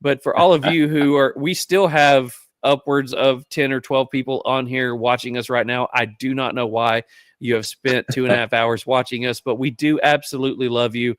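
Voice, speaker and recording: A male podcast host wraps up a show in a loose, rambling, joking manner. His voice sits at an average pitch, and the recording is dry and close, with no room sound. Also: steady tone, normal speed, a bit bright, dry recording. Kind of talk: casual chat.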